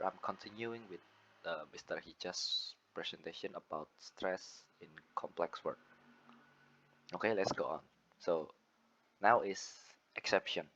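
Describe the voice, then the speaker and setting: A man's voice: low voice, a bit bright. A young man from Indonesia, giving a student class presentation and reading out explanations from notes. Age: young adult. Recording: muffled lo-fi recording.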